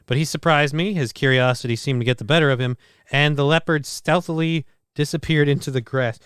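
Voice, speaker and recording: A man's voice: fairly high pitch, a little fast, fairly bright tone, clear, resonant tone, dry recording. A man hosting a live stream, reacting to videos with sardonic, profane jokes. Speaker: show host.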